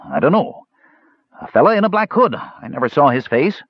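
A man voicing a cowardly male hired thief who whines and pleads in rough speech. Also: a little high, wildly swooping pitch, moderate pace, dry recording, dull audio, pitched above the performer's own voice, full character voice. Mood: whining. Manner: whiny, pleading, rough grammar.

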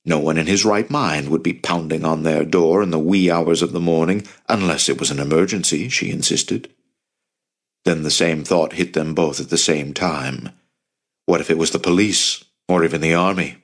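A man narrating a novel as an audiobook in a steady storytelling manner. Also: sits low. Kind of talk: scripted narration.

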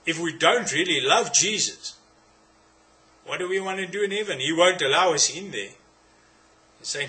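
A man's voice: fairly high pitch, moderate pace, long pauses, pushed and bright. A man with a South African accent preaching a sermon, emphatic and repetitive, firing rhetorical questions at his listeners.

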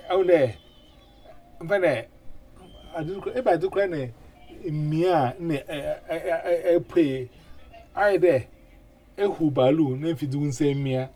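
A man hosts a loose, mixed-language radio chat. His voice sits a bit high for a man. He keeps things animated, leaning on 'eh' fillers and doubling his words. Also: a little slow, long pauses.

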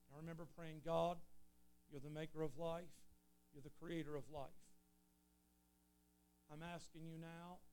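A preacher telling an earnest story in a sermon, swelling loud and then dropping low. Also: male voice. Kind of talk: sermon testimony.

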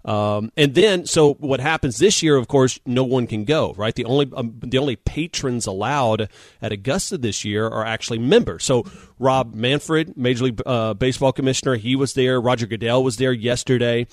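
Animated man telling a sports story. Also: medium pitch, moderate pace, dry recording. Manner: animated storyteller, acts out quotes. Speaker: sports show co-host. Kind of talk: casual storytelling chat. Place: home, on a video call. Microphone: video call.

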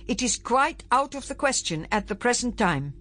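A woman voicing a cautious male government secretary who gives firm, measured orders. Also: fairly high pitch, sing-song, fairly bright tone, voice pushed up. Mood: firm caution. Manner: measured, authoritative.

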